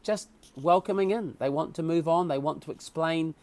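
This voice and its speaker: A man with a New Zealand accent, a podcast guest telling stories in a casual interview with animated, emotional delivery. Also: fairly high pitch, normal speed, no room sound.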